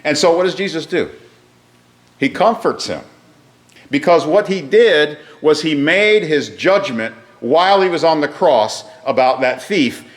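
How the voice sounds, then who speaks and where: A man teaching a Bible class, explaining a passage step by step and putting questions to his listeners. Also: mid-range voice.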